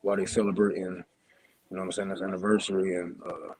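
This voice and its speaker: A man calling in from a train station, talking quietly and haltingly with many fillers. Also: sits low, little pitch movement, rough recording. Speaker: guest calling in.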